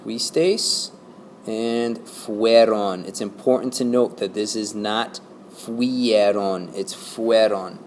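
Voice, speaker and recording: A man's voice: fairly low pitch, slow, slight background noise. A man teaching a Spanish lesson to his class, explaining patiently and checking in with "okay?" and "right?".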